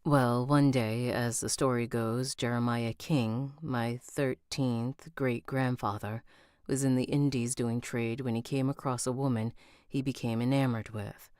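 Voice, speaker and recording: A woman's voice: a bass voice, steady tone, a little slow, a little mellow, dry recording, clean studio sound. A woman reading as a charming rich young man. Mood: storytelling.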